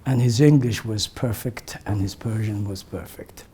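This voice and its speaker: An older man recalling memories for a gathering in a slow, reflective way, his voice often sinking to a soft, breathy near-whisper. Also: fairly low pitch, a little hiss or hum. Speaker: community elder sharing memories. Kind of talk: reminiscing talk to a gathering.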